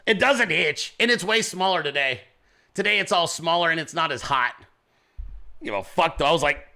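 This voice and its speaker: A man's voice: a little high, brisk, sharp tone. A man hosting a political commentary show, talking in a brash, swaggering, profane monologue. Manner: brash, swaggering, heavy swearing.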